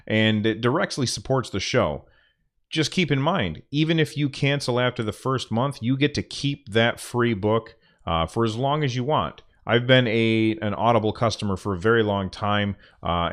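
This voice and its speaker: A man hosting a podcast, reading sponsor spots casually and muttering to himself when the recording software fails. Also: fairly low pitch. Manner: offhand, restarts and mutters at tech trouble. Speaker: podcast host.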